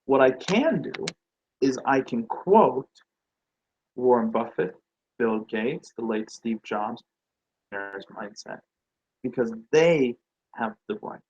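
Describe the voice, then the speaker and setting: A man gives a motivational business talk on branding and sales. He asks his listeners rhetorical questions and acts out how people react, his voice at a middle pitch. The recording is dull and lo-fi. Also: expressive, slow, long pauses, a little mellow, breathy edge. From Nordic.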